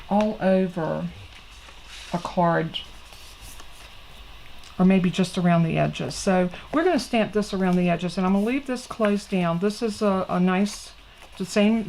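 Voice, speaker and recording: Middle-aged lady walking you through a craft, chatty and folksy, bit of gravel in her voice, faint hiss behind. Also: mid-range voice, a little mellow, low-quality recording. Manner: chatty, folksy, talks to viewers directly. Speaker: crafting channel host. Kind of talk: casual craft tutorial.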